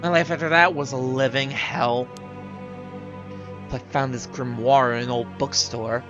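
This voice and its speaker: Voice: mid-range voice, fairly even intonation, unhurried, lo-fi sound, over music, natural voice. A streamer voicing an older male killer obsessed with black magic, reading game dialogue aloud, bitter and breaking into screaming rage.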